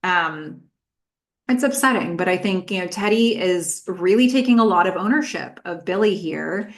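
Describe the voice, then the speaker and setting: A woman's voice: fairly low pitch, expressive, moderate pace. A woman hosting a rewatch podcast, recounting scenes in a conversational way with frequent filler words. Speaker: podcast host. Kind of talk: recap podcast commentary.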